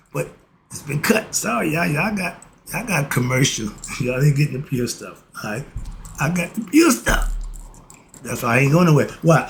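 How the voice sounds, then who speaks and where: Gravelly man teaching with slangy asides. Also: a little high, a little hiss or hum. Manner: asks and answers his own questions, slangy asides. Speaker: yoga philosophy talker. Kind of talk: casual teaching monologue.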